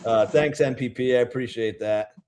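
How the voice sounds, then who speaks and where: A man's voice: medium pitch, normal speed, darkish tone, slight background noise. Chatty Rhode Island man hosting. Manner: chatty, rambling with many fillers and restarts. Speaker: beer-tasting livestream host. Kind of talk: casual livestream chat.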